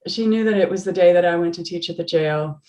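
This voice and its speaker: A woman in her forties, a yoga teacher, telling an earnest, animated story on a video call with laughs and restarts. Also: on the low side, quick pace.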